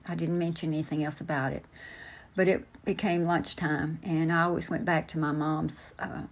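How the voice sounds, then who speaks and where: Low-voiced older woman, halting recollection. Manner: slow, halting, many fillers and restarts. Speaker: interview guest. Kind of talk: personal storytelling, answering questions.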